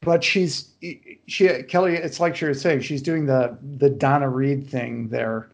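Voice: medium pitch, steady tone, unhurried, creaky. A person in a casual podcast discussion, explaining details to listeners.

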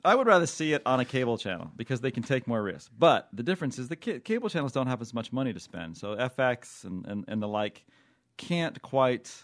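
A man co-hosting a loose, casual podcast, his voice sitting at an ordinary middle pitch. He jokes around, hesitates a lot and restarts his sentences. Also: sing-song. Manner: joking, halting with many fillers and restarts. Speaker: podcast co-host. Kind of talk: casual chat.

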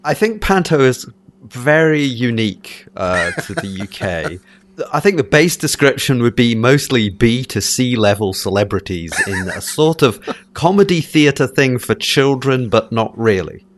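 A man with a mixed Scottish and English accent chats casually, rambling with lots of fillers and restarts. His voice sits in the mid range with lively intonation and an unhurried pace, and there's slight background noise.

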